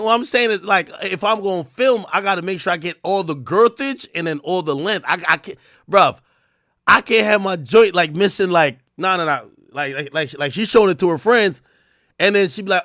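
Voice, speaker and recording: A man streaming casual comedic commentary, profane and animated, breaking into loud shouted outbursts. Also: sits high, brisk, no echo, clean studio sound.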